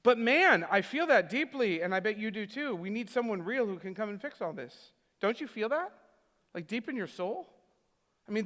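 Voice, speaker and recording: Guy pastor telling a story from the pulpit, high bright voice, lots of restarts, church hall echo. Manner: chatty, self-deprecating, frequent restarts. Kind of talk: conversational sermon storytelling. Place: church sanctuary.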